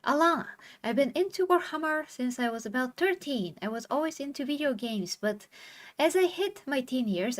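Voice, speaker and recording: A woman hosting a gaming news stream, chatting casually and reading an interview aloud, stumbling now and then over hard names. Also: sits high. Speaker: stream host.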